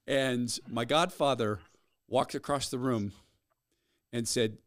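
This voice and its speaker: A man hosting a talk show, telling stories with animated energy. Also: mid-range voice, very slow, long pauses, no room sound, clean studio sound. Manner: animated storyteller. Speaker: host. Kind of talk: talk radio banter.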